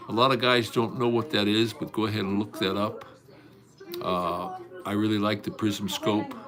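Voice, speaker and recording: A man's voice: fairly low pitch, little pitch movement, moderate pace, a crowd in the background. A man hosting a casual livestream from home, chatting with viewers in a folksy, rambling way, with many fillers and restarts. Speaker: livestream host. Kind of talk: casual livestream chat, greeting and answering viewers.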